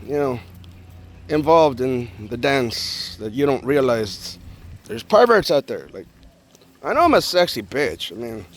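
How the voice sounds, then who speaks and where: A man vlogging, telling a personal story in a joking, animated way and acting out the people in it. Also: mid-range voice, measured pace. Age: adult with a young daughter. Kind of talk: casual storytelling to camera.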